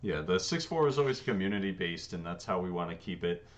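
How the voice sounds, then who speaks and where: Man podcast co-host, very deep voice, lively pitch, dull lo-fi mic, earnest. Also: fast. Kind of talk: casual podcast chat.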